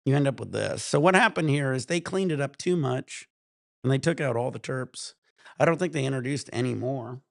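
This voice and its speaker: A man's voice: mid-range voice, gravelly, dry recording, clean studio sound. A man in his thirties hosting a casual livestream, telling rambling, profane stories and chatting with viewers. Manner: rambling, profane storytelling with frequent laughs. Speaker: cannabis stream host.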